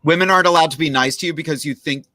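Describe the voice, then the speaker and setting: A man's voice: fairly high pitch, rapid-fire, bright, forceful tone, no echo, clean studio sound. A man, a drag queen, hosting a casual panel chat and telling stories with incredulous asides. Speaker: drag queen podcast host.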